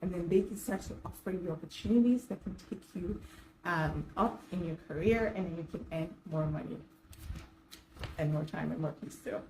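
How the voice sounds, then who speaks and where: Mellow-voiced woman giving casual career advice. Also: mid-range voice, reverberant, slight background noise, low-quality recording. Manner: conversational, many fillers and restarts. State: slightly dry throat. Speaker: self-help vlogger. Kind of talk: casual advice talk to camera.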